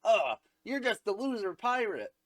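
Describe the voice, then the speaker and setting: A man's voice: sits high, very animated, measured pace, voice pushed up. A man voicing a whiny, mocking young woman pirate in a childish, sneering tone.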